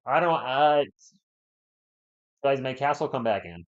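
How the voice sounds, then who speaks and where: Excitable man calling a game live. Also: mid-range voice, unhurried, long pauses, dull audio. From New England. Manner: excitable, fired-up, talks straight to chat viewers. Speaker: live-stream sports host. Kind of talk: live play-by-play commentary and chat replies.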